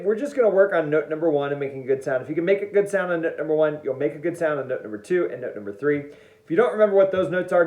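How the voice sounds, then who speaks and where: Playful man with a lively, high-ish voice. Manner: playful and jokey, demonstrating step by step. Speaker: band teacher. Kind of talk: online music lesson. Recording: echoey room, dull lo-fi sound.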